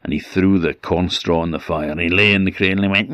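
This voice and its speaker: Orkney guy telling a folk tale, deep gravelly voice, dull dry audio. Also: animated, no echo. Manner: measured, dramatic pauses. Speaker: storyteller.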